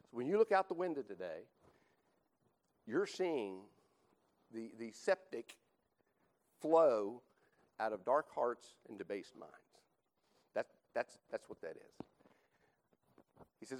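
Brief: male Bible teacher preaching to a class, emphatic, repeats himself, mid pitch. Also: big pitch swings, slow, pauses often, darkish tone, rough recording. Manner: emphatic, repeats points, rhetorical "right?". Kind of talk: teaching sermon.

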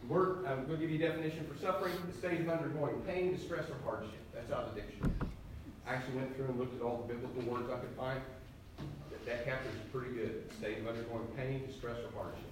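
A man's voice: mid-range voice, fast, background noise. Echoey older male preacher. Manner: conversational, emphatic preaching with rising bursts. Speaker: pastor. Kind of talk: sermon. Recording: very echoey hall, heard from a distance.

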